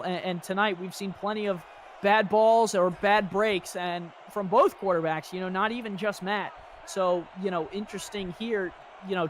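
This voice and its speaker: Chatty male color commentator, high voice, jokey, faint hiss behind him. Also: fairly bright tone. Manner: joking, chatty, many fillers. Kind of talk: sports commentary.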